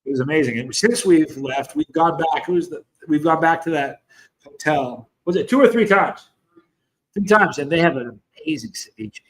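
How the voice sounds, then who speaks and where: A man's voice: fairly high pitch, expressive, normal speed, poor audio. A man in his fifties from the United States, hosting a casual livestream and rambling through stories while greeting viewers by name. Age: 50s. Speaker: host of a chili channel.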